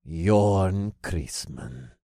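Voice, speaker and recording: A man puts on an ominous middle-aged cult leader who speaks very slowly and weightily. His pitch swings widely and the sound is dry. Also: lively intonation, mellow, no room sound, full character voice. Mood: submissive. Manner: slow and ominous.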